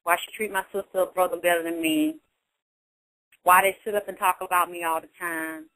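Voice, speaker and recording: A woman's voice: lowish voice, steady tone, fairly quick, bright, forceful tone, voice pushed down, poor audio. A woman voicing a grown daughter who pleads and stammers as she complains about her mother. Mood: hurt, pleading.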